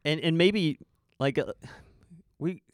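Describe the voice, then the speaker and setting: A man co-hosting a church podcast, talking earnestly and putting probing questions with emphatic pauses. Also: a little high, dry recording, studio quality.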